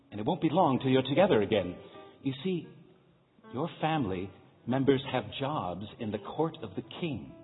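An earnest, excited male guide, as a man reads him urges someone onward with a lively, swooping voice. The sound is thin and phone-like, with long reverb and faint music behind. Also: mid-range voice, natural voice. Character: eager, encouraging male guide. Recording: tinny, echoey hall, faint music.

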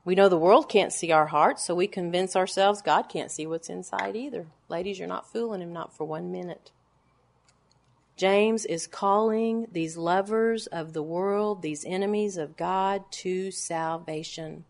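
A woman in her forties preaching a sermon to a gathering of women, pressing her points with emphatic, repeated words and then dropping to hushed, low lines. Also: a little slow, vocal fry. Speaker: women's Bible teacher.

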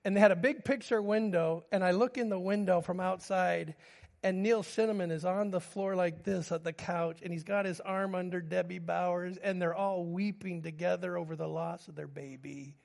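A man's voice: sits high, steady tone, normal speed, vocal fry, darkish tone. A man in his fifties, a pastor preaching a sermon and telling personal stories that move between humor and grief. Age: 50s.

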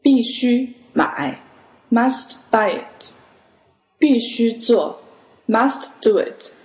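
Slow, careful woman teaching a language. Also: fairly high pitch, lively intonation, darkish tone, echoey room, rough recording. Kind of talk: podcast language lesson.

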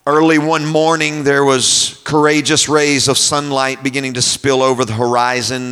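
Bright-voiced preacher telling a vivid story. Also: male voice, mid-range voice. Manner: imaginative, descriptive, unhurried. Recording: long hall reverb.

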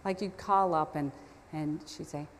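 A woman's voice: sits low, steady tone, measured pace, slight background noise. A woman preaching a storytelling sermon, talking conversationally with self-deprecating asides. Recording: long hall reverb.

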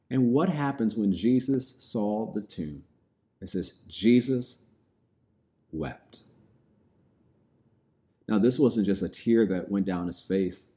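Low, mellow-voiced male preacher. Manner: reads scripture aloud then explains it plainly. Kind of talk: sermon.

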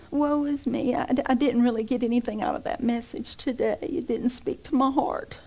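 A woman preacher voicing a whiny, self-pitying churchgoer who sighs and complains in a drawn-out way. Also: fairly high pitch, steady tone, creaky, a little mellow.

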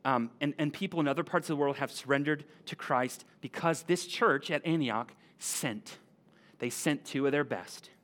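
Pastor, male, lively conversational sermon delivery, slightly high voice. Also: normal speed. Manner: animated, conversational, asks the room "right?".

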